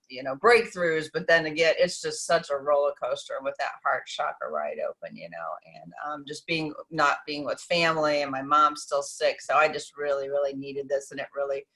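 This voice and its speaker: Woman congregant, bright and forceful tone, rambling and heartfelt. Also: low-pitched, moderate pace, few pauses, low-quality recording. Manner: rambling, heartfelt, many fillers. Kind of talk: emotional thanks. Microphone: video call.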